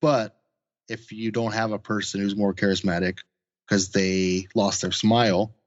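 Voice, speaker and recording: A man's voice: on the low side, little pitch movement, unhurried, no echo, lo-fi sound. A man co-hosting a podcast, recapping in a laid-back, chuckling way. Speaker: podcast co-host. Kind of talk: casual chat.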